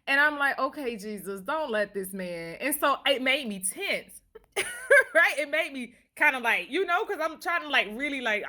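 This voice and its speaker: A woman with a bright, fairly high voice tells a story straight to her phone camera. She is animated and keeps breaking into laughter, chatting casually to her viewers. The handheld phone gives it a close, everyday vlog sound. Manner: animated, laughing often while telling a story. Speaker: vlogger.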